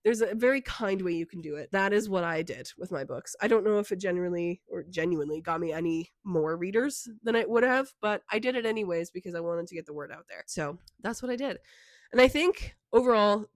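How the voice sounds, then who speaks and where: A woman's voice: medium pitch, a little fast, dry recording. A young woman with a sick voice, chatting casually in an advice vlog as an indie author, full of filler words and encouragement. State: sick, with a congested voice. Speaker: indie author and book vlogger.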